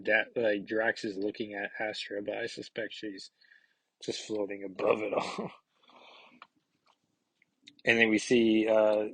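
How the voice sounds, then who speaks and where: A man's voice: medium pitch, dry recording, poor audio. A man hosting a comic book podcast, casually reading through an issue with rambling commentary and lots of fillers. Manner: rambling, filler-heavy, reads dialogue in quick put-on voices.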